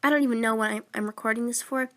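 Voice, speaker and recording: A fourteen-year-old voice-actor vlogger, unwell, chats rapid-fire into her phone about recording voice-acting videos, rambling and self-deprecating. She has a slightly high, fairly bright voice with a steady tone.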